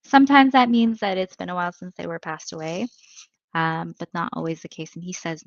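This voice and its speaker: A woman's voice: on the low side, fairly even intonation, a little fast, no room sound, lo-fi sound. A woman psychic medium giving a live reading in a chatty, thinking-aloud way, full of fillers.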